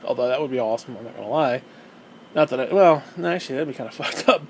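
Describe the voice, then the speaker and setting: A man's voice: medium pitch, fast, gravelly, a little hiss or hum. A man talking casually to camera in a vlog, rambling and self-deprecating, swearing often and restarting his sentences. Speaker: vlogger.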